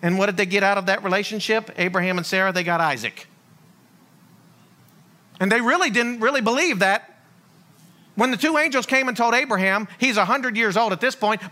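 A pastor with a high, bright, forward voice delivers his sermon at a moderate pace with frequent pauses. His storytelling is lively, and he acts out the voices of the people he describes.

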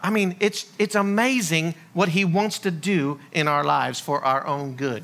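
A male pastor delivering a sermon in a high-pitched voice. He tells stories with a lot of energy and slips into the voices of the people in them. His tone is bright and forward. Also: a little slow, creaky, hardly any pauses. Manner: lively storytelling, acting out voices of figures.

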